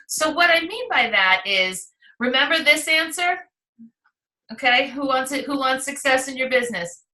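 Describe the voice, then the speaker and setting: A woman's voice: high-pitched, animated, normal speed, bright, forceful tone. A woman in her forties who leads a direct sales team, giving an enthusiastic live training talk. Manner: enthusiastic, coaching. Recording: roomy echo, distant from mic.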